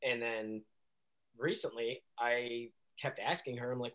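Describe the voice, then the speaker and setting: A man chatting as a guest on a casual podcast, telling stories in an animated way with frequent laughs. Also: mid-range voice, a little slow, lo-fi sound. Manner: animated storyteller who laughs often and slips into voices.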